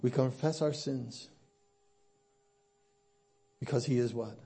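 A man preaching a conversational sermon in church, swinging between hushed and emphatic lines. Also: medium pitch, slow, gravelly, a little hiss or hum.

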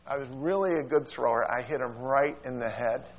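Over lo-fi sound, a man with a medium-pitched voice preaches a sermon at a fairly quick pace. He tells an amusing childhood story in an animated, self-mocking way, voicing quotes with squeals and shouts.

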